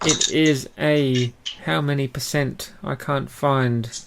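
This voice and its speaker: A man's voice: mid-range voice, fairly even intonation, slow, creaky, background noise. A man with an Australian accent co-hosting a casual podcast, chatty, with lots of ums and frequent laughs. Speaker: podcast co-host. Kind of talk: casual chat.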